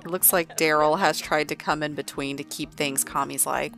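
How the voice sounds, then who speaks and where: A woman's voice: low-pitched, steady tone, normal speed, creaky, fairly bright tone, faint music behind. A woman narrating a life-sim game in casual, chatty commentary, full of "like". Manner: chatty, heavy use of "like". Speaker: let's play narrator.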